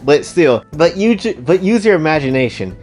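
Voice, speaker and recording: A man rambling through a crude comedic retelling, talking straight to his viewers with excitable asides. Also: on the high side, normal speed, soft background music. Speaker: storyteller, channel host.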